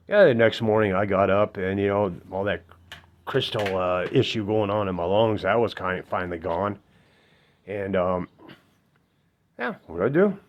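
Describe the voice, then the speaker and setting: A middle-aged man talking bluntly about quitting smoking in a casual personal vlog, rambling with lots of fillers and the odd swear. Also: sits low. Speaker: former smoker giving advice.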